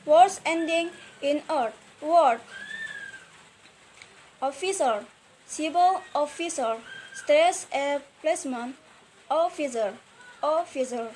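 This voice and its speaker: Slow, halting Indonesian-accented young woman. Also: high voice, a little mellow, slight background noise. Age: young adult. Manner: halting, frequent hesitations and restarts. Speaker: university student. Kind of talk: recorded class presentation.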